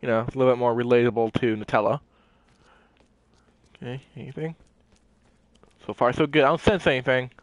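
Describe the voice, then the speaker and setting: A young man giving animated gameplay commentary, talking to the characters on screen as he plays. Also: medium pitch, fairly quick, long pauses, dry recording. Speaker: gaming channel host.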